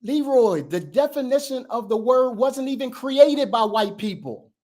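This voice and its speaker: High-voiced man arguing insistently. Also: expressive, measured pace, darkish tone. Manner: insistent, emphatic, talks over others; repeats points for emphasis. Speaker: show host. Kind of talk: heated debate.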